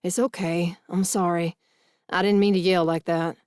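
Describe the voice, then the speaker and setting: A woman voicing an angry, protective middle-aged father who booms and then softens. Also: flat delivery, moderate pace, clean tone, dry recording, studio quality, lightly acted. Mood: stern. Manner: booming, then soothing.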